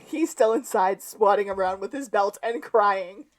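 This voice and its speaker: A woman co-hosting a podcast, calmly narrating a TV episode's plot in casual chat. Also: medium pitch, a little slow. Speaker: podcast co-host.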